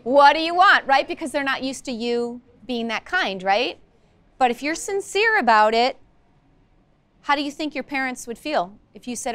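Brief: woman teacher, high bright voice, upbeat, quizzes her class in a classroom. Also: expressive, normal speed, clean tone. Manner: upbeat, coaxing, asks the class many questions. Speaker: social-emotional learning teacher. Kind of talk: classroom lesson. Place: school classroom.

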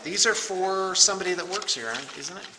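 A man's voice: high-pitched, lively intonation, brisk. A middle-aged man who runs a painting studio, chatting casually and joking at his own expense while he unboxes miniatures. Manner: joking, rambling, self-mocking. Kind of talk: casual chat. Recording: noisy room recording.

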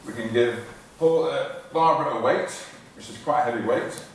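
A man's voice: medium pitch, moderate pace. Man, fitness trainer, informal live talk, out of breath, distant mic, faint room hum. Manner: informal, repeats phrases, restarts sentences. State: out of breath while exercising. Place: large echoey hall in front of an audience. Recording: echoey hall recording from far off.

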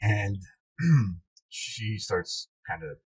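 A man hosting a podcast in casual chat, an animated storyteller who laughs a lot and swears freely, recorded inside a truck. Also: on the low side, drawn-out words, breathy edge, dry recording, rough recording. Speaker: podcast host.

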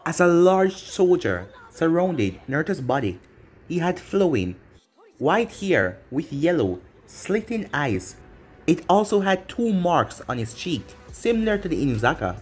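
A man narrates a fan fiction story in plain, run-on sentences, his pitch ranging widely. Faint music plays beneath his voice. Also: sing-song, unhurried, darkish tone.

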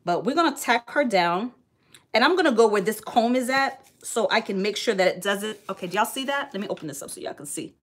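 A woman's voice: medium pitch, animated, fairly quick. A woman, chatting blunt and sassy on a livestream wig tutorial. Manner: loud sing-song greetings to viewers, sassy and blunt. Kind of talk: casual livestream chat.

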